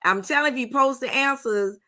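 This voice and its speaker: Bright-voiced chatty woman hosting. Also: sits high, normal speed. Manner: chatty and playful, with folksy phrasing. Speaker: talk show host. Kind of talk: casual chat, hosting a game.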